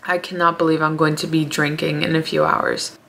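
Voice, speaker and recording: A woman's voice: low voice, level tone, brisk, fairly bright tone, a little hiss or hum. Bubbly chatty woman in her twenties. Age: 20s. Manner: bubbly, chatty, self-mocking, lots of "like". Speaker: vlogger. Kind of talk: casual vlog chat to camera. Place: at home, indoors. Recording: roomy sound with music behind. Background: background music.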